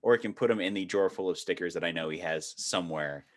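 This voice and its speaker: A man's voice: deep voice, fast. A man hosting a podcast, chatting casually with frequent laughs and fillers. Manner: laughs often, rambling with fillers. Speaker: podcast host.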